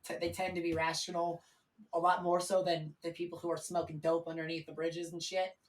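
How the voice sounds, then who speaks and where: A man's voice: on the high side, monotone, fairly quick, distant mic, poor audio. A man speaking as a guest on a live stream, telling his story in a candid, rambling way with plenty of swearing.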